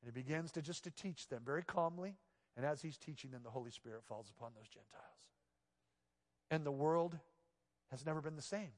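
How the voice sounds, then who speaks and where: A man preaching a sermon from the pulpit, his voice sitting a little high for a man. He shifts from quiet, close passages into loud, emphatic outbursts. The sound carries a long reverb tail from a large church sanctuary. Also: fairly quick. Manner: swings between hushed, intimate passages and loud, emphatic exclamations. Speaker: pastor.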